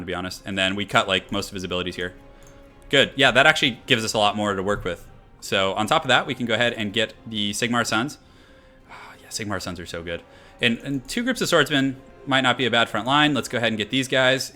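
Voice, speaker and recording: Bright-voiced chatty male game streamer. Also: on the low side. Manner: chatty, thinks aloud, laughs often. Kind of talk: casual live-stream commentary.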